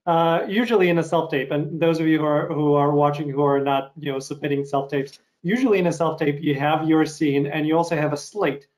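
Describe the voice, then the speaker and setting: A man hosting a casual interview, pausing to explain a point and ask his guest a clarifying question. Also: on the high side, fairly even intonation, a little mellow. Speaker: interview host.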